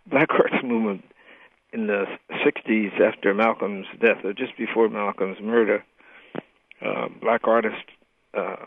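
A man's voice: on the low side, no room sound. An older man, a writer and guest, talking in a radio interview with many fillers and restarts. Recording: tinny phone line.

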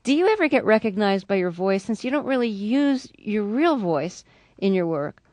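A woman radio host puts brief, curious questions to her guest. Her voice sits at a middle pitch and is recorded dry, close to the microphone. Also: very animated, normal speed, darkish tone, no room sound. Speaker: radio interviewer. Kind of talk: interview questions.

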